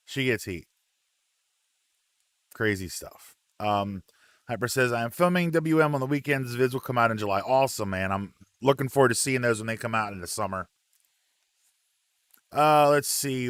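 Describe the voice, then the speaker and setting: A man's voice: medium pitch, smooth, no echo. Casual man, dry close sound. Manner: relaxed, chatty, with frequent ums and uhs. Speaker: wrestling chat host. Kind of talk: casual live-stream chat, reading viewer comments.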